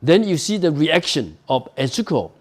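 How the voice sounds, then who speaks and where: A man lecturing on a novel at a university, explaining slowly with frequent "you know" and "okay?" asides. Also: fairly high pitch, sing-song.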